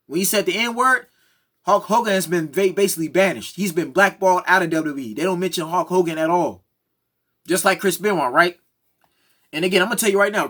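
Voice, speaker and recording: Heated high-voiced man ranting. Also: a bit bright. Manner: heated, repeats "right?" and "come on now, man". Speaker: commentary vlogger. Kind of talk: opinionated monologue.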